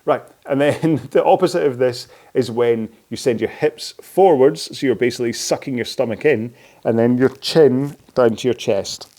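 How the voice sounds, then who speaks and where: A man's voice: mid-range voice, normal speed, mellow. Man coaching a workout cooldown, loose and self-mocking, close-miked. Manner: chatty, rambling, laughs at his own slips. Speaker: rowing and fitness instructor. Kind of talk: follow-along workout instruction. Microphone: microphone close in front of his chin.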